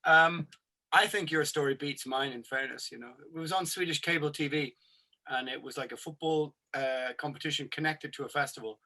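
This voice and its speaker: A man's voice: a little high, fairly quick, bright, forceful tone. An Irish man chatting casually as a podcast host, telling rambling anecdotes and swearing freely. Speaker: podcast host, metal musician. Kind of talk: casual chat.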